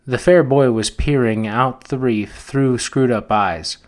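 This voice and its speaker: Man reading a novel aloud, measured. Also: medium pitch. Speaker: podcast host reading a novel. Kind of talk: audiobook narration.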